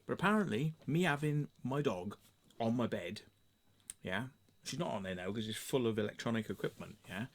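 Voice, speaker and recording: A middle-aged English man telling a story in a sweary, sarcastic, animated rant to camera. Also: fairly low pitch, fairly quick. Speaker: vlogger. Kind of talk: casual ranting monologue.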